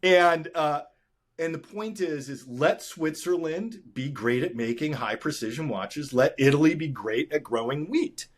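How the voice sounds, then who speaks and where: A man's voice: on the high side, measured pace. A man co-hosting a podcast, explaining a point in casual political chat. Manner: explanatory, animated. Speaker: podcast co-host.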